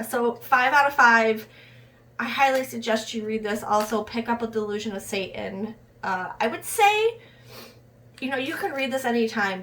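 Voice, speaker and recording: A woman's voice: on the high side, fairly bright tone. A young American woman from Rochester, New York, reviewing a book in a casual vlog, earnest and impassioned, restarting her sentences as she goes. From Rochester, New York, USA. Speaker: book vlogger.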